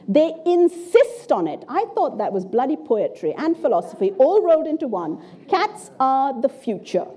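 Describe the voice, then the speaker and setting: A middle-aged woman giving a public lecture, animated and blunt, reading out interview quotes with swearing. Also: fairly high pitch.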